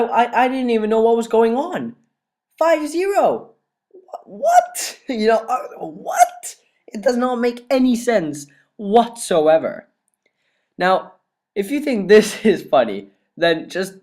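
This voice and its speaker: A young man doing voice-over commentary on a football video game, excitable and laughing often, his voice dry and cracking. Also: sits high. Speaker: gaming YouTuber. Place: cold room at home.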